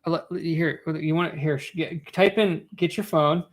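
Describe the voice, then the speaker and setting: A man's voice: on the high side, steady tone, normal speed. A man hosting a casual live stream from home, often repeating words as he talks, joking between stammers. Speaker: coin roll hunting live streamer.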